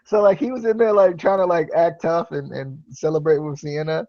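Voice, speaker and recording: A man's voice: a little high, fairly even intonation, fairly quick, dark tone, no room sound. A man hosting a podcast, chatting casually in a rambling, filler-heavy way and laughing easily. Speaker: podcast host. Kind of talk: casual wrestling review chat. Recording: dull, lo-fi podcast recording.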